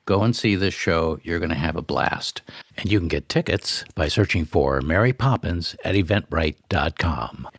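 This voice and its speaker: A man's voice: sits low, animated, normal speed, breathy edge, no echo. A male radio host wrapping up an interview and enthusiastically promoting a show. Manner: enthusiastic, emphatic announcer.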